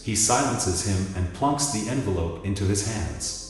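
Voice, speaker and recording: Guy narrating a story slow n theatrical, echoey hall. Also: on the low side, expressive. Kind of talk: dramatic story reading. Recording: echoey hall with music behind.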